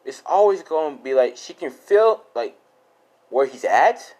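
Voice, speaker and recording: A man's voice: a little high, big pitch swings, unhurried, darkish tone, low-quality recording. Young guy making up a fan story on the fly, rambly, loose, swears a lot. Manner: rambling, loose and casual with lots of fillers and swearing. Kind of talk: improvised fan-fiction storytelling.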